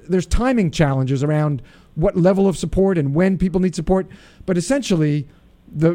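A man's voice: fairly high pitch, mellow, no room sound. A man hosting a radio talk show, chatting casually in a playful, digressive way with frequent restarts.

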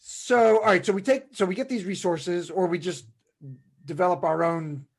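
A man from New Jersey hosting a podcast, talking in a halting way with many "uh"s and a playful, teasing streak. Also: high-pitched, fairly even intonation, husky. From New Jersey, USA. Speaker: podcast host. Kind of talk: podcast conversation.

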